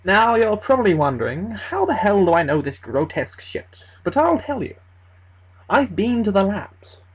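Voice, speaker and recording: Husky breathy creepypasta narrator, chatty and sweary, mid pitch. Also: big pitch swings, moderate pace, rough recording. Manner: casual and profane, conversational storytelling. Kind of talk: first-person horror story narration.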